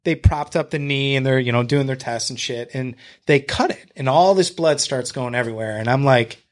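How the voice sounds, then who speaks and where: A man from Michigan is talking as a guest on a podcast. He tells his stories in an animated way and acts out the lines other people said. He swears freely and keeps the tone loose and conversational, with a voice of ordinary pitch for a man. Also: normal speed.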